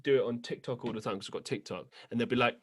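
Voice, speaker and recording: A man with a mid-range voice hosts a relaxed podcast conversation. He tells stories with animated exasperation, rushing to make his point. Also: medium pitch. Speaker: podcast host. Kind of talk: casual conversation.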